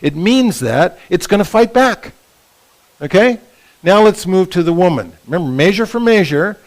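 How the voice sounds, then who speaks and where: An older man teaching a Bible session at a couples retreat, lively and often checking in with the audience. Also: on the high side, rough recording. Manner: lively, asks the audience for agreement. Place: conference room at a resort.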